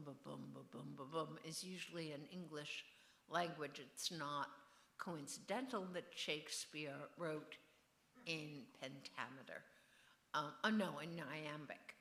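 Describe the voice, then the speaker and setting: An older woman speaks slowly in a low voice with a bright, forward edge, musing and wandering wryly through her thoughts. It sounds like an author answering questions at a festival venue, and the room adds a noticeable echo. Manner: musing, digressive and wry. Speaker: novelist being interviewed. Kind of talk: on-stage author conversation. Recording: roomy echo.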